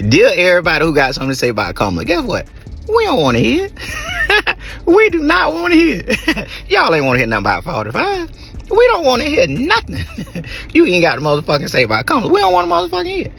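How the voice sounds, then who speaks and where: A man's voice: very high voice, huge pitch swings, fast talker, creaky, a bit bright. A man in a played clip, ranting and laughing, swearing in nearly every line. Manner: laughs between lines, swears constantly. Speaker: rapper speaking in a clip. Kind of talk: laughing profane rant to camera.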